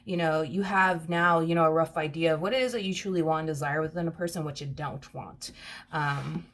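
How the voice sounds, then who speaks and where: A woman's voice: low-pitched, background noise. A woman giving a casual tarot reading, chatty and emphatic, repeating points and calling the listener honey. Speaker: tarot reader.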